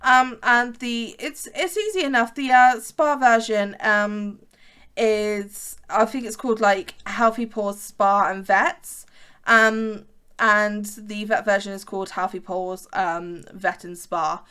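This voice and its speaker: A woman's voice: mid-range voice, fairly even intonation, takes it slowly, sharp tone, clear, resonant tone. A woman in her twenties from the West Midlands of England with a fairly posh English accent, chatting casually and rambling with lots of ums while narrating her gameplay. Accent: English, fairly posh southern-leaning. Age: 20s. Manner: rambling, frequent ums and restarts, chatty asides. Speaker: gaming YouTuber. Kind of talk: casual chat over gameplay.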